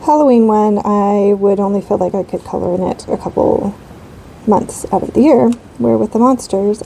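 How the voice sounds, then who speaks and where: A woman's voice: medium pitch, creaky, dark tone, slight background noise, low-quality recording. A woman in her thirties chatting casually while she colors, rambling with lots of fillers. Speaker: coloring channel host.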